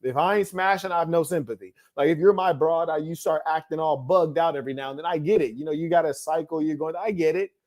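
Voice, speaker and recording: A man's voice: a little high, fast, hardly any pauses, a little mellow. A man talking in a blunt, dismissive monologue full of slang, often asking "you hear me?". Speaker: host. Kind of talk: casual monologue.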